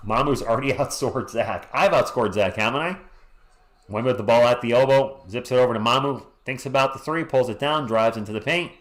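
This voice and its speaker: A hoarse man hosting a live stream, calling a game play by play in a casual way and greeting chat viewers between plays. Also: mid-range voice, brisk. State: hoarse, losing his voice. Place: home at night.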